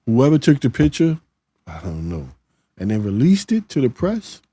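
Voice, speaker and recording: This is a middle-aged man hosting a casual live stream, his medium-pitched voice swooping wildly up and down as he reads viewer comments. He speaks at normal speed, plain and conversational with frequent restarts, in a mellow, slightly rough voice on a dry recording.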